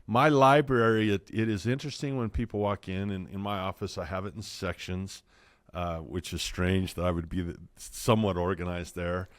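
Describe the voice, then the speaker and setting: A man's voice: sits low, fairly even intonation, moderate pace, dry recording. A man hosting an interview, talking in a rambling, hesitant way with many fillers. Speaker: podcast host.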